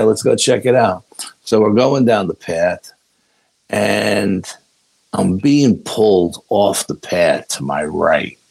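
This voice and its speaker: Man, husky voice, low pitch, casual storytelling, podcast guest. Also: a little mellow, poor audio. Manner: laid-back, unhurried storyteller.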